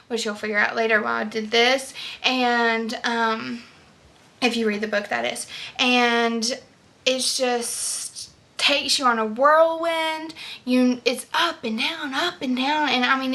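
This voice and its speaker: A woman's voice: fairly high pitch, pushed and bright. A young woman vlogging casual, enthusiastic book reviews, chatty with many fillers and restarts.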